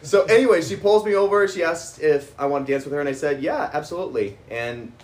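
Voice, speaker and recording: A young man casually telling a story to friends, animated and teasing. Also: on the high side, brisk. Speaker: co-host. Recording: faint background noise.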